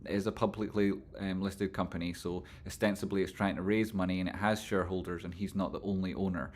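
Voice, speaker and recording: A man's voice: deep voice, flat delivery, quick pace. A man hosting a casual livestream, rambling and swearing freely as he answers viewers' chat. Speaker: livestream host reading chat.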